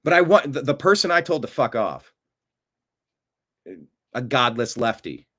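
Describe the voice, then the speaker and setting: A man hosting a profane political rant, swinging from low mutters to loud outbursts. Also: expressive, measured pace. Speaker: political commentary host.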